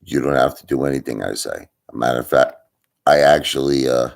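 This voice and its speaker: A man's voice: extremely low pitch, fairly quick, vocal fry. A man hosting a casual live stream, rambling and answering chat while he has the hiccups.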